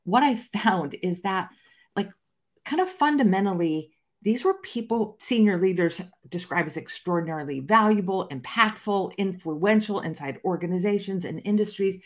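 A woman's voice: medium pitch, expressive, normal speed. A woman guest in a conversational interview, explaining her research fluently and with emphatic stresses.

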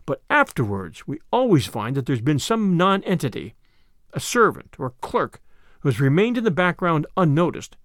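A man reading aloud as a weary older male spymaster, measured and grave. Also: on the high side, no echo, studio quality.

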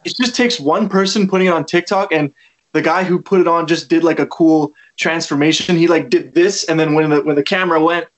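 Slightly high-voiced man. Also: fairly quick. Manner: relaxed, rambling, many "like" fillers. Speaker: musician guest. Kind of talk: casual interview chat. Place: lives in Toronto.

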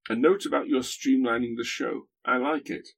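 A man's voice: medium pitch, steady tone, normal speed, gravelly. A man guest-hosting a podcast, chatting with dry humour and lots of hesitations. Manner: hesitant, dry humorous, many fillers. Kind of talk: casual podcast chat.

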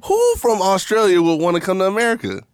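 A man co-hosting a casual chat, relaxed and laughing often, thinking aloud as he talks. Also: high voice, fast, clean tone, no echo, studio quality.

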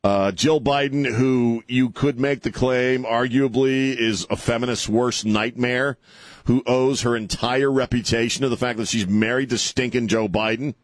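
A man's voice: medium pitch, fairly even intonation, measured pace, no room sound. A man hosting an opinionated political talk show, sarcastic and mocking, rambling with many fillers.

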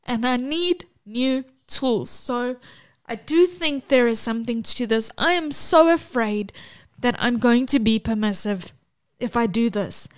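A woman's voice: on the high side, lively intonation, measured pace. A woman co-hosting a podcast, talking candidly and close to tears, frank and swearing. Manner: emotional, tearful, frank with swearing. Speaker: podcast co-host.

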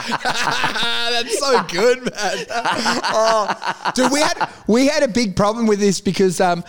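High-voiced, rambling, swearing man. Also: lively intonation, slow, fairly bright tone. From South Africa. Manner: rambling, profane anecdotes with frequent laughter. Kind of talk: casual chat.

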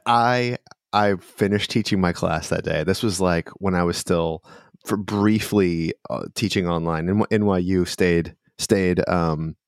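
A man's voice: low voice, steady tone, unhurried, clean tone, no echo, clean studio sound. A man hosting a podcast, chatting casually and animatedly with lots of restarts and laughter. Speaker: podcast host and dungeon master. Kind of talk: casual chat.

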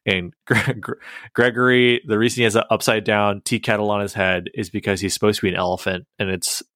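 A man's voice: on the low side, little pitch movement, brisk, fairly bright tone, dry recording. A young man in casual chat, recapping a cartoon with many fillers and laughs. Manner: rambling, filler-heavy, laughs while telling.

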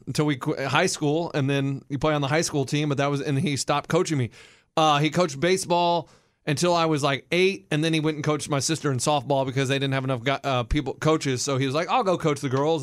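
A man co-hosting a casual talk show, relaxed and rambling as he tells anecdotes. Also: fairly high pitch. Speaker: co-host. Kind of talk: casual radio chat.

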